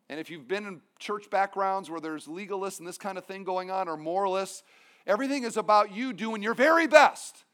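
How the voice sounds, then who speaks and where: A pastor with a strikingly high voice preaches a sermon with emphatic force. He mixes his points with humorous asides. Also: a little fast, fairly bright tone.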